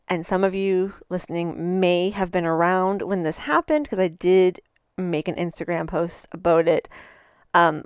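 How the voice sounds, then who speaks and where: A woman's voice: fairly low pitch, clean tone, dry recording. Chatty woman telling a story, dry sound. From Canada. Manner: chatty, animated retelling with frequent asides. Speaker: podcast host. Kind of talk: casual storytelling monologue.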